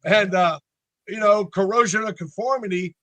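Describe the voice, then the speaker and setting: A man's voice: high-pitched, normal speed, dry recording. A man in his sixties from North Carolina, a band member telling stories in a casual interview and acting out the voices of the people in them. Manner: animated storyteller who acts out voices.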